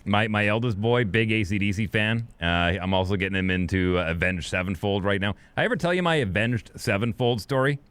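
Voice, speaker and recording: A middle-aged man co-hosting a podcast, telling a long anecdote in a casual, animated way and acting out the people he quotes. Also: fairly low pitch, brisk, few pauses, clear, resonant tone. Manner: animated storyteller, acts out quoted voices. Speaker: podcast co-host. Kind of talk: casual storytelling chat.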